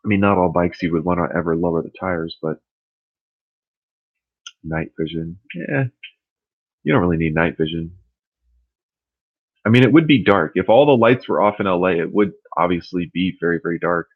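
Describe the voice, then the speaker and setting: Deep-voiced rambling man chatting. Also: moderate pace, pauses often, no echo, narrow, tinny audio. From California. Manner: rambling, musing, thinks out loud. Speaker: livestream host answering chat. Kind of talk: casual livestream chat.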